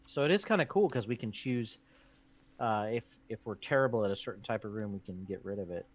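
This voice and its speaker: A man's voice: fairly low pitch, fairly quick. A man hosting a board game stream, chattily explaining the rules with plenty of ums and uhs. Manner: chatty, with many fillers. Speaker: board game show host.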